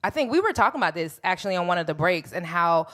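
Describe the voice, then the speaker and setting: A woman giving short casual remarks, halting and repeating words. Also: lowish voice, sing-song, a bit bright.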